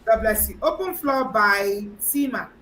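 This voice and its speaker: A woman from Nigeria hosting a casual livestream chat, animated and laughing often as she reads out comments. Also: mid-range voice, measured pace, reverberant, rough recording. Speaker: livestream host. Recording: background noise.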